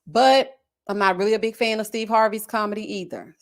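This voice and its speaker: A woman who hosts a live-stream reality-TV review, talking in a sassy, animated, gossipy way. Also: mid-range voice, fairly quick. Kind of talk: casual live-stream commentary.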